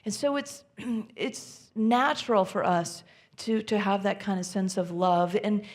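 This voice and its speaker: A woman minister giving a sermon in a church, speaking gently and intimately, often sinking to soft near-whispers. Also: mid-range voice, measured pace. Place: church sanctuary.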